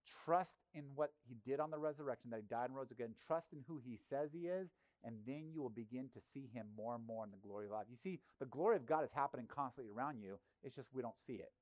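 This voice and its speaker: A male pastor preaching a sermon in a conversational, animated way, often acting out quotes. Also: medium pitch, fast talker, hardly any pauses, no room sound.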